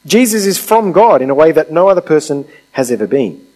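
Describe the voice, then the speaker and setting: A man's voice: a little high, big pitch swings, brisk, mellow, low-quality recording. A man preaching a sermon in a conversational way, asking rhetorical questions and acting out quotes.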